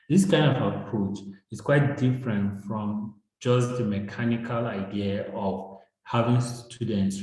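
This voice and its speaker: A man's voice: fairly low pitch, a little mellow. A man from Nigeria with a Nigerian accent, explaining teaching methods through examples and often checking in with "right?". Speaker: education guest. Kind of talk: explanatory discussion. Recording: very echoey room.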